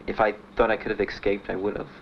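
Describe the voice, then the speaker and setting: A man being interviewed about his time in the service, telling his story in a halting, plainspoken way with many fillers. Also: lowish voice, flat delivery, vocal fry. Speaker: veteran interviewee. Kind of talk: documentary interview. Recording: dull archival recording with faint hiss.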